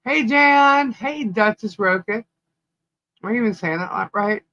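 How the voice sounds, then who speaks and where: A woman co-hosting a live stream, slowly greeting viewers one by one by name and laughing often. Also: on the high side, animated, pushed and bright, highs cut off. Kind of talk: casual live-stream chat.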